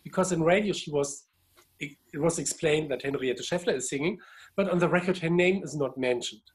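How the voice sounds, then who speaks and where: A man's voice: on the high side, brisk. German-accented man telling a story. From Germany, Berlin. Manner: animated, laughs while telling stories. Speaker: DJ and record collector, guest. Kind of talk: casual storytelling conversation. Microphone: video call.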